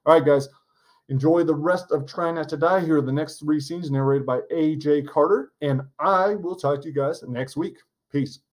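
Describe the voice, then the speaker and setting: A man's voice: on the high side, moderate pace. A man hosting a show, closing casually and addressing listeners directly. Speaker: podcast host.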